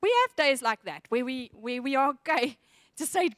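A woman's voice: high voice, lively intonation, moderate pace, fairly bright tone, no echo, clean studio sound. A woman preaching a sermon, earnest and reflective, reading scripture aloud with feeling.

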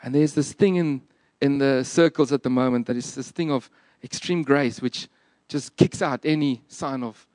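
A man's voice: medium pitch, moderate pace, hardly any pauses, darkish tone, no room sound. A man preaching a sermon in an earnest, emphatic and plain-spoken way. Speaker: pastor.

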